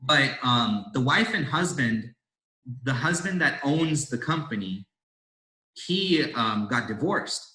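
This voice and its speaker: His voice is mid-range, expressive, bright, and forceful, and he speaks slowly. He's a young man from India in his twenties, a door-to-door salesman guesting on a podcast, telling his story in a loose, rambling way with many fillers and restarts, recorded with roomy echo.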